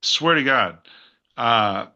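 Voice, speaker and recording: A man on a podcast as a guest wrestler, telling rambling, profane stories in a casual, animated way. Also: mid-range voice, slow pace, dull audio. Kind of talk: casual storytelling chat.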